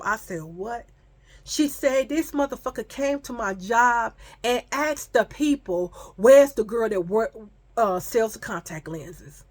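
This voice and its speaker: Speaking slowly in a slightly high voice, a pregnant woman shares an animated storytime vlog full of profanity. She performs the voices of people in her story and says she's feeling sick and foggy.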